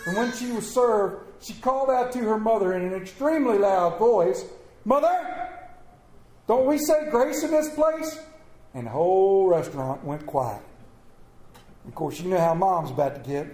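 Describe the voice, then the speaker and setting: A middle-aged man preaching a sermon to his church, telling stories in a folksy way with sudden loud bursts. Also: sits high, normal speed. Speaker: pastor. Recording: echoey church room.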